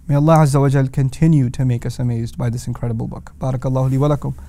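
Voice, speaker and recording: A man lecturing on the language of scripture, emphatic and animated, asking rhetorical questions and quoting Arabic verses. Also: medium pitch, very fast, dry recording. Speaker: Quran teacher.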